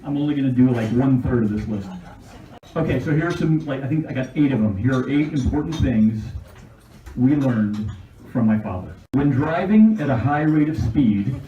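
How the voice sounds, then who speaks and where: A man's voice: medium pitch, animated, normal speed, mellow, dull audio, a little hiss or hum. A middle-aged man giving a humorous birthday toast to his father, reading jokes from a list. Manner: dry jokes, laughing along. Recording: echoey room from far off.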